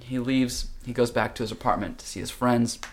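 A man telling a long, animated story in casual chat, often slipping into voices. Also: mid-range voice, brisk. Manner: animated, jumps between acted voices. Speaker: podcast host telling a story.

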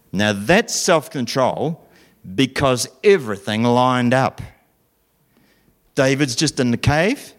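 Animated New man telling a Bible story. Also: medium pitch. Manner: animated, playful, asks questions. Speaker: children's talk presenter.

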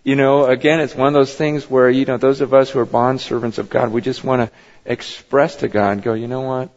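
A man's voice: flat delivery, a little fast, a little mellow. Impassioned male pastor in echoing church. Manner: impassioned, rising to high emphatic peaks. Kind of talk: sermon. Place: church sanctuary. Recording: dull sound with long hall reverb.

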